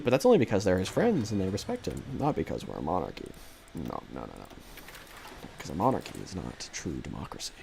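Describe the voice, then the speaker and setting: A man's voice: low voice, vocal fry, background noise. A man streaming a strategy game live, commentating casually in a rambling, jokey way that keeps correcting itself.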